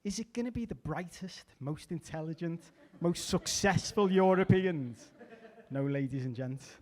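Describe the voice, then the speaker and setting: A middle-aged man performing a stand-up comedy set, chatty with deadpan asides and small restarts. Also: on the high side, measured pace. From England.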